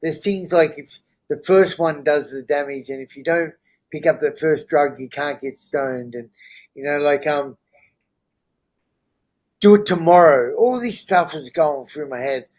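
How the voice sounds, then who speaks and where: A man's voice: on the high side, moderate pace, a little mellow, low-quality recording. A middle-aged man, a podcast guest, candidly telling his own story in an earnest way and checking in with the listener as he goes. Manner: earnest, checks in with "right?" and "you know?".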